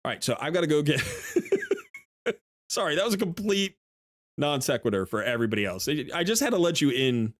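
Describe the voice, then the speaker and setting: A man in his thirties streaming a game, telling a story excitedly, laughing often and mimicking hype chants. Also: a little high, normal speed, pauses often, dry recording, studio quality. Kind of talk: casual live-stream chat.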